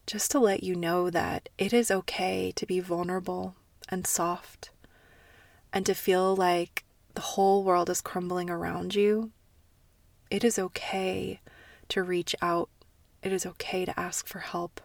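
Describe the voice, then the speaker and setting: A woman talks in a soft, earnest, confiding way, her voice slightly low and at times sinking to a near-whisper. She is set a little back from the microphone in a dry, dead-sounding room. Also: gravelly, no echo, recorded from a distance. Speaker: podcast host. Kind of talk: intimate personal monologue.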